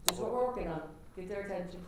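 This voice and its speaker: A woman instructor giving direct, encouraging feedback to students practicing pitches in a classroom. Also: racing. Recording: echoey classroom with background noise.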